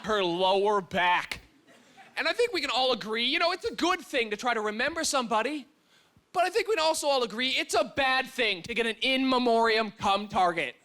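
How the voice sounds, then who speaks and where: A young man does dark stand-up on a club stage with a handheld mic. His voice sits very high for a man, and his delivery is wry and punchy. The club's noise is clearly heard around him. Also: animated, fairly quick. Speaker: stand-up comedian. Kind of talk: stand-up comedy set. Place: comedy club stage with a live audience. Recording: audience ambience with noise.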